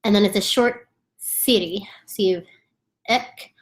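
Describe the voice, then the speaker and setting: A woman's voice: mid-range voice, moderate pace. A woman teaching a chant to beginners in a casual, chatty way at home, often laughing and demonstrating the sounds. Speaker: yoga instructor. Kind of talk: casual instructional talk.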